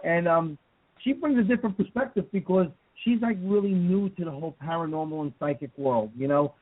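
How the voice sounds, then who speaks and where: A man's voice: fairly high pitch, brisk, dry recording. A man hosting a paranormal radio show, telling a personal story casually with lots of fillers and restarts. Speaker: host. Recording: dry, tinny phone-like line.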